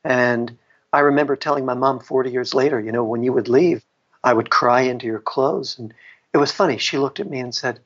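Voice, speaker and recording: Middle-aged man, husky voice, reflective storyteller, laughs now and then, dull lo-fi recording. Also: medium pitch, fairly quick, a bit bright. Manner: reflective, laughs often, restarts sentences. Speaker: author and guest. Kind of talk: storytelling in a podcast interview. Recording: dull lo-fi sound.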